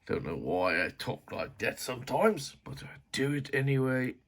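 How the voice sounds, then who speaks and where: A man with a medium-pitched voice and big pitch swings talks at a moderate pace while taking a knife apart on camera. This knife reviewer rambles to his viewers as he fiddles, grumbling, mildly swearing, and cracking self-deprecating jokes in a casual disassembly vlog.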